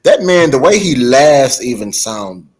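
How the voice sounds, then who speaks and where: A man in a casual chat, telling stories in an animated, profane way. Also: medium pitch, measured pace. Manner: animated, profane storytelling with frequent laughter.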